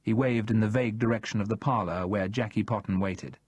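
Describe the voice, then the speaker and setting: A man narrating a first-person thriller audiobook in a steady, measured way, read close to the mic. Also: on the low side, husky, no room sound.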